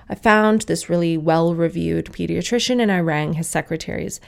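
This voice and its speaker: A woman's voice: lowish voice, expressive, normal speed, creaky, hardly any pauses. A young woman telling a candid, swearing personal story as a casual monologue and acting out the people she quotes.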